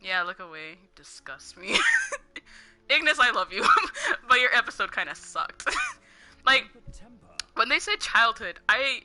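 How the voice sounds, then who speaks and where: A woman's voice: on the high side, very animated, unhurried, long pauses, bright, forceful tone, soft background music. A young woman casually ranting over her gameplay, giggling often and filling her talk with "like". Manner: giggly, heavy use of "like", ranting. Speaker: gaming streamer. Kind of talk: casual gameplay commentary, rambling.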